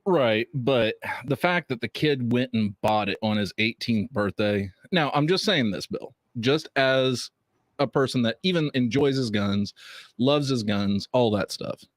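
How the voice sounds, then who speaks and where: A man's voice: medium pitch, animated, measured pace, no echo. A man who is a guest on a casual podcast, chatting easily and pushing back earnestly on the host. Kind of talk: casual chat.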